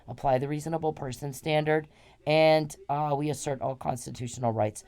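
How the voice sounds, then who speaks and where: A woman's voice: low-pitched, steady tone, a little fast, mellow. Angry, profane woman ranting at someone. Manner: confrontational, repetitive, profane. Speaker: podcast host. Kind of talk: angry monologue addressed to one man.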